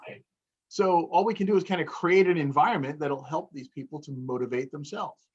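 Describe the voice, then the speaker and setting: Here a male motivational speaker with a fairly high pitch talks briskly in a casual interview chat. He illustrates a point by acting out tones of voice, and the highs in the audio are cut off.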